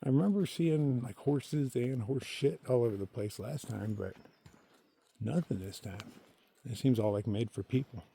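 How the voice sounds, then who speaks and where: A man talking casually to his camera while hiking a forest trail, chatty and opinionated, thinking out loud to himself. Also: medium pitch, moderate pace, gravelly, slightly rough. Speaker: solo thru-hiker filming his hike. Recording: faint outdoor noise behind the voice.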